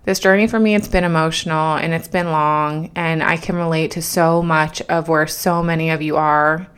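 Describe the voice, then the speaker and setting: A woman's voice: low voice, little pitch movement, normal speed, fairly bright tone, clear, resonant tone. A woman hosting a podcast, giving an earnest, emotional pep talk and repeating phrases for emphasis. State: emotional, has been crying. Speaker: podcast host.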